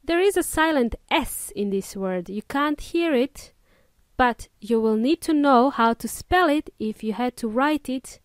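A woman's voice: fairly high pitch, dry recording. A woman hosting a podcast English lesson, explaining words in an upbeat, chatty way with casual slang. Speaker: English teacher and podcast host.

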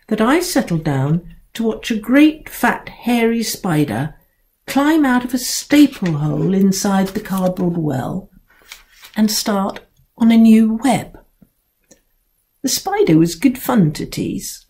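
An older woman, an author, reading her own children's book aloud in an expressive, playful way. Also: medium pitch, takes it slowly.

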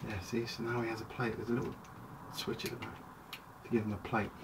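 A man talks through a toy review in a loose, chatty ramble, breaking off mid-thought and circling back. He is recorded from a distance at home, with clear background noise and plastic clicks under his voice. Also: on the low side, little pitch movement, fairly quick. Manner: rambling, chatty, self-interrupting. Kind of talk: casual toy review vlog.

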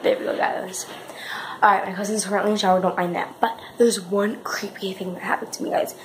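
A woman's voice: medium pitch, flat delivery, fairly quick, a little hiss or hum. Chatty woman vlogger, rambling. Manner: chatty, says "guys" constantly, rambling with restarts. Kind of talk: casual vlog chat.

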